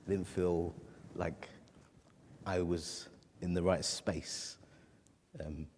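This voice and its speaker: Low-voiced guy preaching, halting and emotional, big church reverb, bit of background hiss. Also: little pitch movement, darkish tone. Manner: halting, emotional personal storytelling. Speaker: pastor. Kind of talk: sermon.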